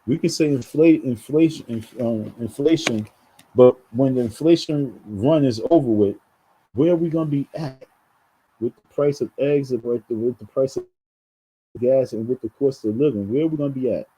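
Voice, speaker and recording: A man's voice: medium pitch, normal speed, dark tone, husky, poor audio. A man from New York talking straight to his viewers in a rambling commentary, often repeating words and calling them folks. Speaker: vlogger. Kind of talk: casual commentary monologue.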